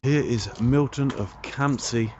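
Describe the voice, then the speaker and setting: A man's voice: medium pitch, a little slow, lo-fi sound, background noise. A man hosting a walking vlog, thinking aloud about old railway features as he walks an old trackbed outdoors. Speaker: vlog host. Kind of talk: casual walking commentary.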